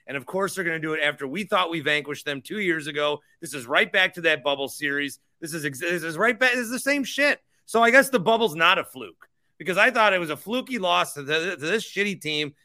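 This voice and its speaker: A man's voice: fairly high pitch, sharp tone. A man hosting a sports podcast, ranting with sarcasm and swearing about his team. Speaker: podcast host. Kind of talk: heated sports talk.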